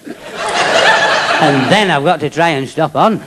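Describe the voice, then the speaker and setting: A man with a Yorkshire accent doing a deadpan stand-up comedy routine with chatty asides to a live audience. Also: on the high side, normal speed, long pauses. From Yorkshire, England. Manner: deadpan delivery with chatty asides and tag questions. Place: live venue with laughing audience. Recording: live club recording with crowd laughter and noise.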